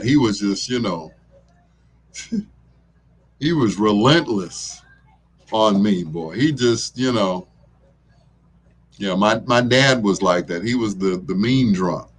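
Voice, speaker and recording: A middle-aged man hosts a radio talk show, his voice on the low side with a fairly bright tone and a breathy edge. He rambles in a laid-back way through casual chat, chuckling often.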